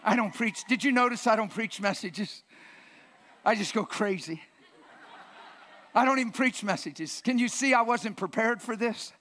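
High-voiced impassioned preacher man. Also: moderate pace, long pauses. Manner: impassioned, emphatic, sometimes shouting, sometimes near a whisper. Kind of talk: sermon. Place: church.

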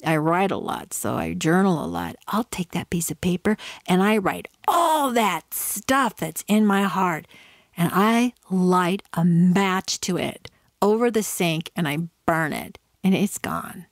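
A woman's voice: on the low side, big pitch swings, no echo, studio quality. Earnest woman hosting a faith podcast. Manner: earnest, conversational, pausing to reflect. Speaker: podcast host. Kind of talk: faith-based advice talk.

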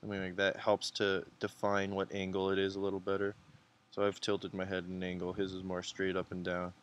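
A man's voice: sits low, completely flat delivery, a little fast. A man hosting a casual drawing tutorial, chatty and encouraging, thinking aloud as he sketches. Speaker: art tutorial host.

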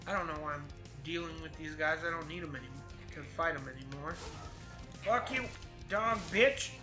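A man in his twenties casually commenting on a game he plays, swearing and rambling freely. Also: fairly high pitch. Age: 20s. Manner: profane, rambling, chatty. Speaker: gameplay commentator. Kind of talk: casual let's-play commentary.

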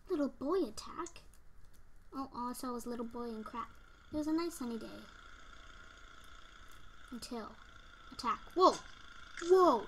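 Young woman, high voice, slow-paced, excitable let's-play commentary, yelps, faint household noise behind. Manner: excitable, yelps and squeals, sometimes whispers. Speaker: gamer.

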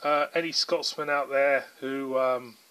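A man with a southern English accent talks through a beer review in a relaxed, meandering way, full of ums and asides. His voice sits at an ordinary pitch but has a bright, forward ring to it. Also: unhurried, clean tone. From England. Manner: chatty, rambling, filler-heavy. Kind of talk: casual video review.

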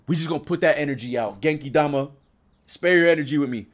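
A man's voice: fairly high pitch, expressive, brisk, fairly bright tone. A young man hosting a video reaction, emotional and pleading, swearing often as he talks. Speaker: YouTube reaction host.

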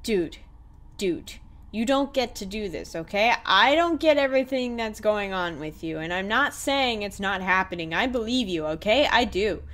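A woman voicing a loyal, excitable young man fox who gives his best friend an insistent pep talk. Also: medium pitch, moderate pace, close to an everyday voice. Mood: earnest.

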